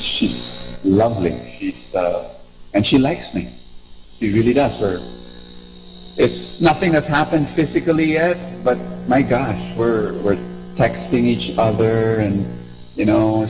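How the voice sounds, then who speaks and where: A man voicing a troubled married man who is confessing a temptation, halting and full of restarts. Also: mid-range voice, natural voice, rough recording.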